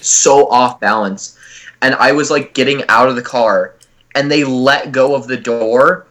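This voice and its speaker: A man's voice: mid-range voice, a little slow, fairly bright tone. A young man co-hosting a comedy podcast. He talks casually, swears freely and keeps breaking into laughter as he tells a story. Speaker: podcast co-host. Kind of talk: casual chat.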